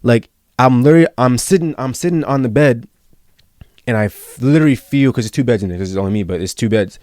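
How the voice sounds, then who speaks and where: A man's voice: mid-range voice, fast talker, a little mellow, no room sound, clean studio sound. A young man as a podcast guest, telling a personal story in casual, earnest talk, repeating himself and saying bro and yo. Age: young adult.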